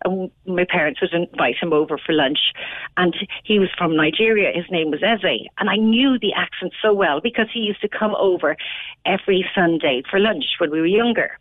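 Irish woman, fifties, calling in; low, earnest, halting; tinny phone line, dry. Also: no echo. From Ireland. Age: 50s. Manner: earnest, halting, many restarts. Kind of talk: emotional personal account.

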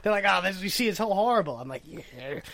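A man's voice: high-pitched, expressive, quick pace, a crowd in the background. A man co-hosting a podcast, casually adding details to a shared story. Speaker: podcast co-host. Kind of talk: casual chat.

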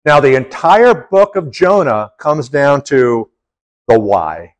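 A man teaching a Bible passage as a sermon, retelling the story with animated storytelling and acting out the quotes. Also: mid-range voice, slow, low-quality recording. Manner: animated storytelling, voicing the prophet and God in quotes.

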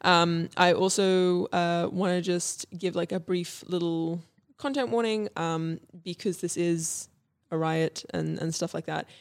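A woman's voice: lowish voice, steady tone, measured pace, few pauses. A young woman co-hosting a casual history podcast, talking with many ums and restarts. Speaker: podcast co-host presenting history.

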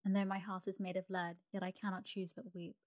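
A woman voicing the sorrowful statue of a prince, a gentle, grave male figure with a low, musical voice, in a storybook reading for sleep. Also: flat delivery, fairly quick, natural voice.

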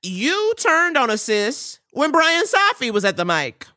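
A woman's voice: high-pitched, big pitch swings, unhurried, pushed and bright. A woman co-hosting a comedy podcast, teasing her co-host with theatrical mock indignation. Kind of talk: casual comedic chat.

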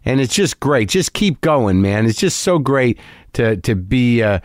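A man's voice: medium pitch, very animated, unhurried, no room sound, studio quality. A man voicing an earnest, starstruck male fan who talks in breathless, eager, repetitive bursts. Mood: gushing. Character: gushing earnest male fan on a city street.

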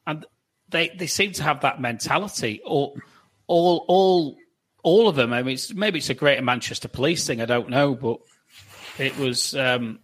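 A man joins a casual podcast discussion. He speaks haltingly, repeats words as he goes, and keeps checking that the others agree. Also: medium pitch, fairly bright tone. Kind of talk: casual chat.

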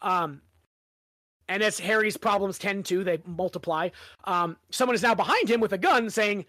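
A man's voice: sits high, normal speed, sharp tone, dry recording. A man co-hosting a book podcast, animatedly retelling scenes and acting out the characters' lines. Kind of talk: casual book discussion.

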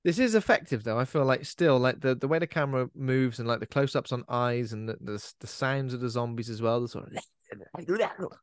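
A man talks through a horror film in a relaxed, rambling way, with lots of ums and half-finished thoughts. His voice sits at an ordinary middle pitch. The recording is dry and close, with no room sound. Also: fairly quick, hardly any pauses, clear, resonant tone, no room sound. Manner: chatty, trails off with fillers and laughs. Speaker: podcast co-host. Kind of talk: casual film discussion.

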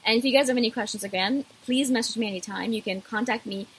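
A woman's voice: fairly high pitch, quick pace, a little hiss or hum, low-quality recording. A woman vlogger talking casually to camera, emphatic and repetitive, addressing her viewers directly.

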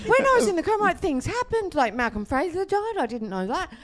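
Lively woman in her fifties. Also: extremely high pitch, a little fast. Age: 50s. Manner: laughing, crude, animated storytelling. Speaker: comedian. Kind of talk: live podcast storytelling. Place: bar with a live audience.

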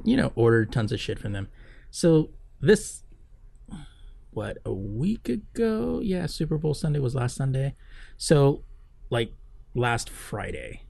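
A man's voice: medium pitch, vocal fry, a little mellow, dry recording. A man co-hosting a podcast, telling a long story in a casual, rambling way with lots of fillers and swearing. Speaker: podcast co-host. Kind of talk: casual chat.

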